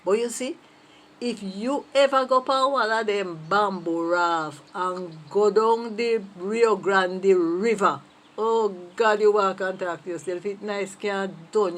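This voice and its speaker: A woman from Jamaica with a Jamaican accent, chatting playfully as a patois teacher telling a story with lively asides. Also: medium pitch, measured pace.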